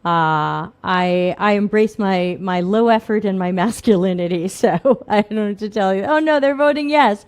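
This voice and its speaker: A woman's voice: mid-range voice, moderate pace, hardly any pauses, a little mellow, clear, resonant tone. A middle-aged woman hosting a casual live Q&A stream, chatty and self-deprecating, laughing often. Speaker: livestream host. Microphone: desk microphone.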